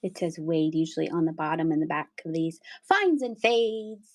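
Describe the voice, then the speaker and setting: Her voice sits low and expressive at a normal speed as she hosts a live-stream sale. She's a middle-aged Pennsylvanian, casual and chatty, given to playful giggles and sing-song remarks.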